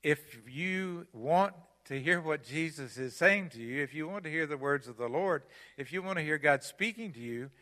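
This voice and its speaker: A man's voice: fairly high pitch, a bit bright. An older man preaching a sermon in a church, emphatic and repeating his key phrases. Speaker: guest preacher. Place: church sanctuary. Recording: long hall reverb in church.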